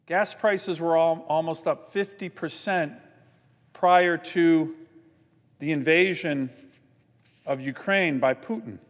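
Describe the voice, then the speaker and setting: A man giving an indignant, forceful floor speech as a senator, often repeating his points. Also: on the high side, takes it slowly, long pauses, big-room sound. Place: large legislative chamber.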